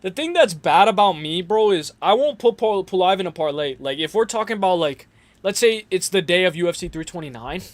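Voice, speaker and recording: A man's voice: high-pitched, animated, fairly quick, no echo. A young man hosting a casual livestream, rambling in slangy talk full of fillers and restarts. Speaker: host.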